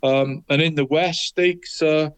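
A man's voice: on the high side, fairly even intonation, slow, smooth. A man going through local football results in casual podcast chat, tacking "mate" onto nearly every phrase. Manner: chatty, says "mate" after almost every phrase.

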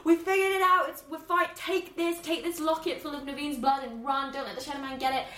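A woman's voice: high-pitched, fairly even intonation, a little fast, pushed and bright, roomy sound, distant mic, slight background noise, pitched above the performer's own voice. A woman doing a kind little firefly guy. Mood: urgent.

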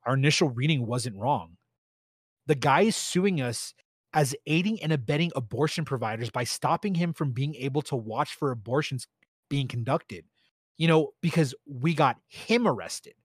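A man reads a first-person story aloud in a steady, plain voice of middle pitch, stumbling now and then over a word. The sound is dry and close, with no room around it. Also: normal speed, slightly rough, dry recording. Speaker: story narrator.

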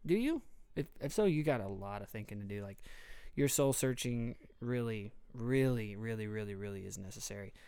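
Rambling youth pastor, joking asides. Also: male voice, on the low side, brisk, dark tone, clean tone, no echo. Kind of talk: casual podcast talk.

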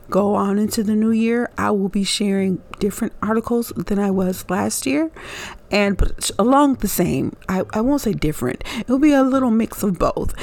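A woman's voice: a little high, gravelly, darkish tone, dry recording. A woman hosting her own podcast in a solo monologue, upbeat and chatty, laughing often and using fillers. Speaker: podcast host.

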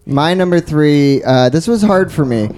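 A man's voice: on the high side, animated, measured pace, a little mellow. A man co-hosting a casual comedy podcast, making crude, playful jokes. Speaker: podcast co-host.

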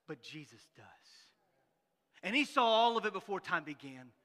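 Male pastor, sermon, high bright voice, animated, loud-to-hushed swings, long church reverb. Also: normal speed. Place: church sanctuary.

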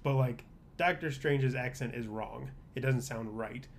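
A man's voice: mid-range voice, measured pace, gravelly, a little hiss or hum. A man co-hosting a podcast, chatting casually about a film in an opinionated, rambling, wry way. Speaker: podcast co-host. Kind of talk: casual chat.

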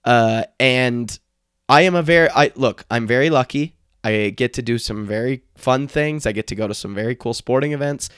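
Male podcast host, hoarse and worn-out voice, upbeat sports chat, mid pitch, dry booth sound. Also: normal speed, no room sound. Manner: excited, energetic delivery. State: hoarse, strained voice.

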